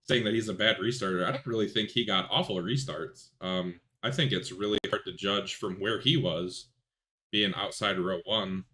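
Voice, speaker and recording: A man hosting a podcast, talking casually about sim racing and telling rambling, animated stories. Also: on the low side. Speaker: podcast host.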